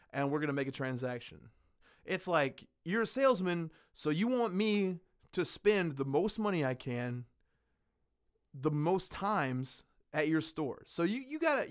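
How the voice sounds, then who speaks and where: A man hosting a podcast in casual chat, ranting with lots of swearing and animated storytelling. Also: a little high. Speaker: podcast host.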